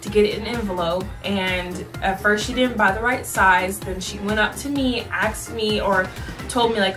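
A woman's voice: mid-range voice, normal speed, a bit bright, far from the mic, soft background music. A woman vlogger animatedly telling a sassy story about her job as a cashier. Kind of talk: storytime vlog.

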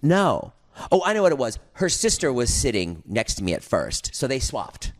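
A man's voice: medium pitch, a little fast. A man co-hosting a podcast, telling a story in casual chat and acting out the other people's lines as he goes. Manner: animated storyteller, acts out quotes. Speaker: podcast co-host.

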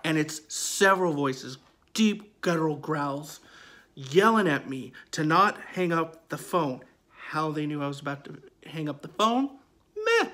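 A man's voice: fairly high pitch, unhurried, pushed and bright. A man in his forties telling a true ghost story in a conversational, emphatic way, often repeating his phrases. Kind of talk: casual spoken storytelling.

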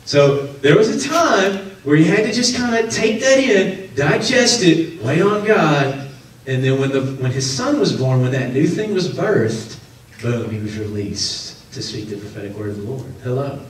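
Male pastor, high lively delivery, heard in a roomy echoing sanctuary with faint hiss. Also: measured pace, far from the mic. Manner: animated, acts out quoted voices, laughs often. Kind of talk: sermon. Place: church sanctuary. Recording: echoey hall, preacher off-mic, faint noise.

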